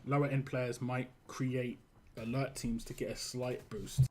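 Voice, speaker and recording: A man's voice: medium pitch, flat delivery, a little slow, dark tone, a little hiss or hum. Chatty West London man streaming a game. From England. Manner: chatty and rambling, answers chat as he plays. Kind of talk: casual livestream chat while playing.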